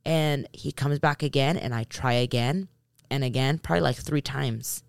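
Low-voiced woman telling a storytime. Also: normal speed, creaky, smooth, no echo, clean studio sound. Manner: animated, talks straight to the audience. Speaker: vlogger telling a story to her husband and viewers. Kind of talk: casual storytime.

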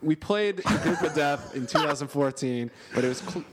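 A man's voice: on the high side, expressive, moderate pace, slightly rough. A young man co-hosting a podcast, telling stories in a rambling way and laughing often. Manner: laughing storyteller, rambling with fillers. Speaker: podcast co-host. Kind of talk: casual chat.

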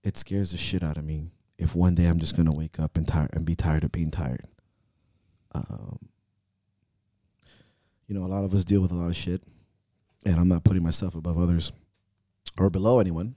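A man on a podcast talks candidly about his fears as a coach, swearing freely and questioning himself out loud. He sighs and lets his sentences trail off into pauses. His voice sits low and very dark, and it is recorded dry and close with no room sound. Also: steady tone, no echo. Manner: earnest, profane, self-questioning.

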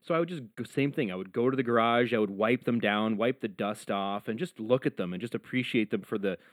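A man's voice: on the low side, fairly quick, no echo. A man guesting on a podcast as a musician, chatting in an easygoing way and often adding "you know". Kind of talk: casual chat.

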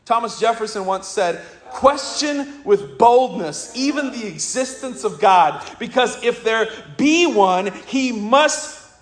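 Crying out when quoting the anguished father and questioning the congregation directly, this pastor preaches with passion. He speaks slowly in a very high-pitched voice with lively intonation, and the sound is reverberant.

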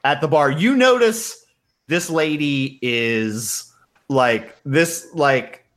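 A man narrating as game master of a tabletop game, relaxed with lots of fillers and laughs. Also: on the high side, drawn-out words.

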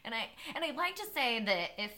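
A woman interview guest talking about running, telling stories in an animated way and often laughing. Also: on the high side, a little fast. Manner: animated storyteller, laughs often, many restarts. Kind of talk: casual interview conversation.

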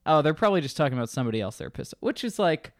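An animated man tells a story in casual chat, swearing freely and putting on loud, angry voices for the people in it. His pitch leaps around as he acts, and the sound is dry and close, with no room echo. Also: rapid-fire. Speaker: bartender telling a story.

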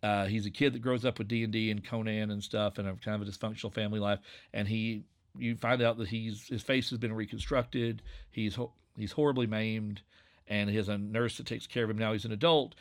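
A man in his forties with a Southwest Virginia Appalachian accent, talking casually and wandering from story to story. His voice is slightly nasal with a gravelly edge, and he sounds relaxed and easygoing. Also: fairly low pitch, a little fast. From Southwest Virginia, USA. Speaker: podcast creator and narrator. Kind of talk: casual conversation.

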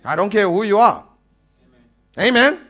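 High-voiced preaching man. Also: unhurried. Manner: animated preaching, calls for amens, rises to emphatic peaks. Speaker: pastor. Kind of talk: sermon. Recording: preached live to a congregation.

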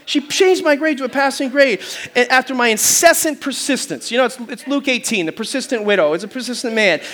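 High-voiced preaching pastor, animated. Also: male voice, a little fast. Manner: animated storytelling with funny voices and audience call-and-response; loud preaching bursts. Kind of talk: sermon.

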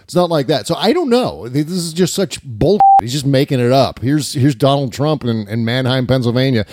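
Sarcastic male podcast co-host, animated delivery, dry studio mic. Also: mid-range voice, a little fast, no room sound. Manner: sarcastic, mocking. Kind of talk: casual political podcast chat. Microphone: studio mic with headphones.

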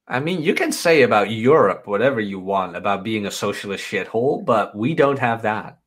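A man's voice: on the low side, expressive, normal speed, fairly bright tone, slightly rough. Matter-of-fact man making dry asides. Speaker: podcast co-host. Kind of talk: casual chat.

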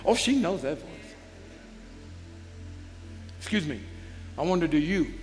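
A man preaching a sermon as a bishop, calling out to the congregation and building into shouts. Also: a little high, animated, fairly quick. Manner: call-and-response preaching, swells into shouts. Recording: long hall reverb with faint music.

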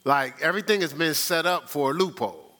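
A man's voice: on the high side, fairly quick, sharp tone. A man preaching a conversational sermon, talking with the congregation, asking rhetorical questions and repeating his key lines. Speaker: pastor.

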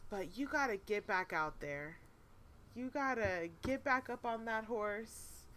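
Bright, animated woman chatting. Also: a little high, takes it slowly, a little hiss or hum. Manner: profane, animated, laughs often. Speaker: podcast co-host. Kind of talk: casual chat, storytelling.

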